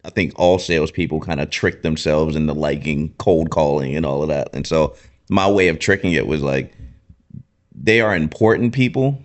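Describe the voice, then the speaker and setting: A man hosting a podcast in a relaxed, casual way, often affirming his guest with "mm-hmm" and "super dope". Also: rumbling low, normal speed. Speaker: podcast host.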